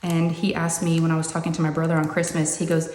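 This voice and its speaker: A woman's voice: deep voice, monotone, fast talker, a little mellow. A woman hosting a crafting channel, chatting casually and rambling to her viewers from her craft room. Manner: chatty, meandering, says y'all. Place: craft room upstairs with door closed. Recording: echoey room with long reverb, faint noise.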